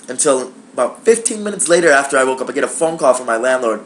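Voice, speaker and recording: Animated, profane young male storyteller. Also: medium pitch, fast, a little hiss or hum. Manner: animated, profane, acts out dialogue. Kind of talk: casual personal storytelling to camera.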